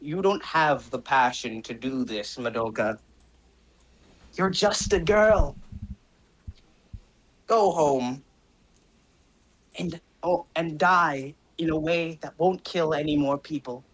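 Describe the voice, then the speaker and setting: A man voicing a cruel corporate villain who mocks a young hero in slow, contemptuous words. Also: fairly high pitch, fairly bright tone, rough recording.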